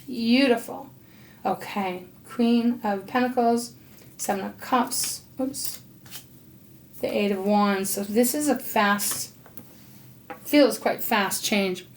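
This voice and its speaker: A woman doing an intuitive tarot reading, talking in a loose, rambling way and pausing to ask her spirit guides. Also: medium pitch, a little hiss or hum. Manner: rambling, warm-hearted, talks to spirit guides between cards. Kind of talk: casual spoken tarot reading.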